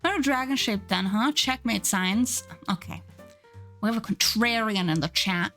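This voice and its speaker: A woman's voice: fairly high pitch, normal speed, fairly bright tone. A young adult woman chatting casually on a live stream while she draws, bubbly and giggly, thanking viewers as she goes. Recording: faint music underneath.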